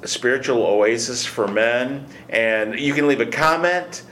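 A man's voice: medium pitch, a little slow, fairly bright tone, slight background noise. An older man hosting a casual men's Bible study discussion, talking in a reflective, folksy way. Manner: reflective, folksy, thinks aloud.

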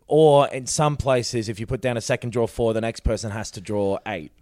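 A man's voice: mid-range voice, steady tone, normal speed, darkish tone, dry recording, clean studio sound. A man chatting casually on a podcast, recapping a TV episode in a rambling way, swearing now and then and acting out quotes. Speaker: podcast co-host.

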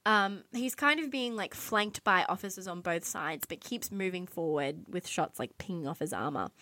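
A woman telling a dramatic story in casual podcast chat, animated, swearing and filling her talk with "like". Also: on the low side, normal speed, no echo. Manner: animated, swearing, many "like" fillers. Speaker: podcast co-host telling a true crime story.

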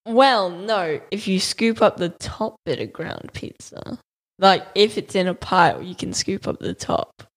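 A woman's voice: medium pitch, expressive, a little slow. A woman co-hosting a podcast in casual chat, silly and giggly. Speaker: podcast co-host.

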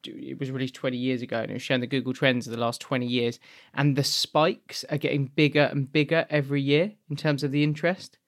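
An eager man talks about films with a friend on a podcast. His pitch is moderate, and he talks in quick bursts that he keeps correcting. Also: level tone. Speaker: podcast co-host. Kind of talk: casual film review chat.

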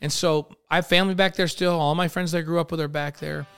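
A man from New York co-hosts a casual sports podcast, speaking quickly in a fairly high, steady, smooth voice with a rather bright tone. His talk is loose, full of restarts and repeated words, and faint music plays behind him.

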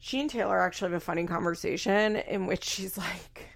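A woman's voice: on the low side, a little fast, creaky, few pauses. A woman hosting a casual recap, speaking bluntly, swearing freely and acting out quoted lines. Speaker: podcast host recapping a reality show. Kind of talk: casual commentary.

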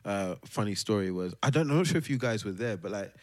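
A man co-hosting a podcast in relaxed casual chat who hands topics to the others. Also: lowish voice, quick pace, dry recording. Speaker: podcast co-host.

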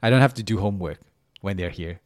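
Guy co-hosting a podcast, kinda low voice, rambly with lots of likes and you-knows, dry close mic. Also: fast talker, no echo. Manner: rambling with many fillers and restarts, laughs easily. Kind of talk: casual chat.

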